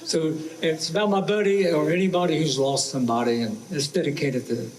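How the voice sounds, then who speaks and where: A man's voice: a little high, steady tone, a little fast, rough recording. A man in his seventies from Ohio, a folk singer chatting plainly and folksily to the audience before a song, on a stage microphone. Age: 70s. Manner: folksy, plainspoken, self-deprecating. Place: outdoor picnic stage.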